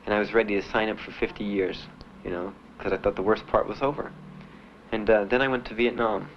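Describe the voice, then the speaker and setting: A young veteran gives testimony in a slightly low voice, plain and halting, full of pauses and fillers. The recording is muffled and dull, like an old 1970s archive tape. A faint hiss sits under his voice. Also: steady tone. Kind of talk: spoken testimony.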